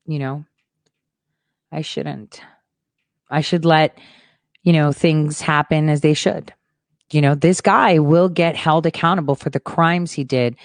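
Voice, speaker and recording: A woman hosting her own show and ranting in a frustrated monologue, lower-pitched than most women. She swears freely and swings between quiet, muttered asides and loud, boastful outbursts. The sound is close and dry, with no room echo. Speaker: host.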